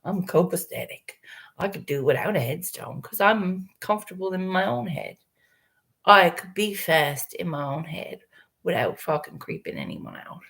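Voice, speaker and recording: A woman's voice: sits low, gravelly, fairly bright tone. A woman casually chatting with her livestream viewers, rambling, swearing freely and laughing often.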